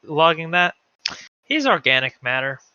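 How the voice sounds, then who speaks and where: A man playing in a tabletop game, speaking playfully with halting restarts. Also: fairly high pitch, very animated, sharp tone, clear, resonant tone. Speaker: player. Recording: dry, dull lo-fi mic.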